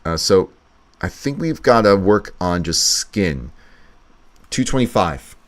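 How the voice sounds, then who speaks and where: A man's voice: low-pitched, big pitch swings, slow pace. A man editing a video live, chatting casually and thinking aloud as he works. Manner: thinking aloud, muttering to himself. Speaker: video editor streaming live.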